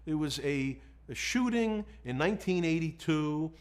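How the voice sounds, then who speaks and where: A man's voice: fairly high pitch, lively intonation, measured pace. Man, lawyer, interview, frank, self-deprecating, recounts dialogue. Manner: candid, self-deprecating, quotes himself and others. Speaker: defense lawyer. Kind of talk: storytelling in an interview.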